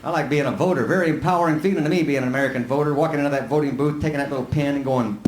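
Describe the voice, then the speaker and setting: Fast-talking West Texas comic on stage. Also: male voice, on the high side, noisy background. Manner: plain-spoken, folksy, quick punchlines. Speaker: stand-up comic. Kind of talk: live stand-up set. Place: comedy club stage with audience. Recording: roomy live club recording with loud crowd laughter.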